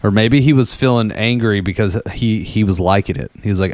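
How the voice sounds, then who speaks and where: Male co-host, laid-back joker, lowish voice, dry close mic. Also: fairly quick, darkish tone, dry recording. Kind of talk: casual chat.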